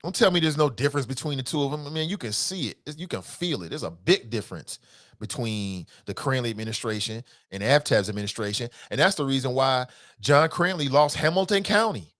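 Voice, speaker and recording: A man hosting a solo political talk show with a Cincinnati accent, passionate and profane, swinging between loud outbursts and muttered asides as he reads listener comments. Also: medium pitch, expressive, brisk.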